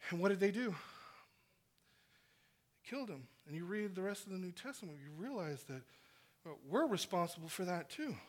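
Man preaching, earnest, swings from loud to hushed, high voice. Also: lively intonation, normal speed, long pauses. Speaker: pastor. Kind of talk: sermon.

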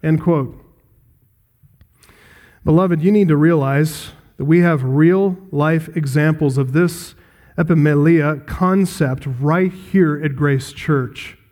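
A man's voice: a little high, slow, darkish tone. A man pastor preaching an expository sermon, earnest, with rhetorical questions to the congregation.

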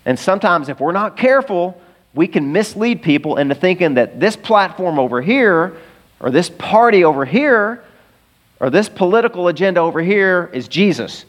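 A middle-aged man, a pastor, preaching a sermon in a conversational, animated way, with asides to the congregation. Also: high-pitched, moderate pace.

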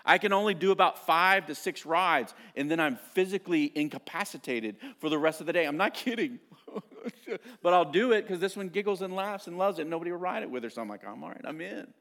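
A middle-aged man preaching a sermon as pastor, telling family stories in an animated, self-mocking way. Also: fairly high pitch, fast.

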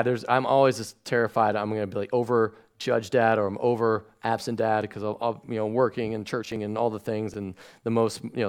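A man, a pastor preaching a sermon to a congregation, acting out family stories with lively swings and falling soft and hushed when he turns reflective. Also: lowish voice. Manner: animated storytelling, acting out his own shouting at bedtime. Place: church stage before a congregation.

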